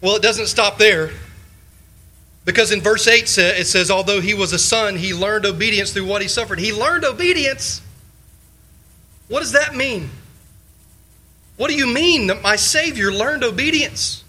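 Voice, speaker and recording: A man's voice: sits high, expressive, moderate pace, pauses often, pushed and bright, rough recording. A male pastor preaching a sermon, firing off rhetorical questions and repeating short phrases for emphasis. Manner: leans on short repeated exhortations.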